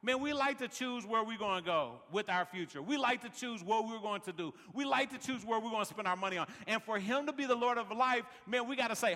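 Pastor guy preaching in a big worship center, high pitched, echoey hall, keeps saying man. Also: expressive, fairly quick, few pauses, bright, forceful tone. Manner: preachy, repeats "man" constantly, rhythmic refrains. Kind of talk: sermon.

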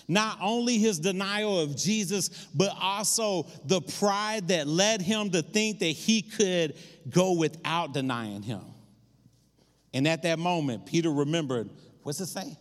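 A man preaching a sermon, retelling scripture in an animated storytelling way and acting out the voices of its people. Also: high voice, unhurried. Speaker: pastor. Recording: long hall reverb.

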